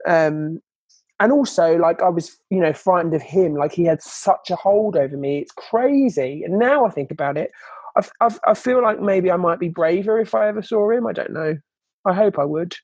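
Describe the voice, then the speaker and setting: A young woman with a fairly low, darkish, husky voice speaks at a moderate pace in a dry recording. She's a podcast guest and children's book author telling her story in a candid interview. She chats easily and says "like" and "you know" often.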